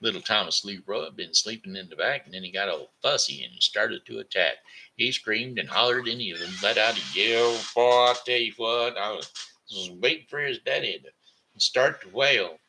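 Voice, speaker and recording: A man's voice: on the low side, normal speed, gravelly, bright, forceful tone, a little hiss or hum, low-quality recording. An older man hosting a live show, reading a bedtime story in a folksy, sing-song rhyming way.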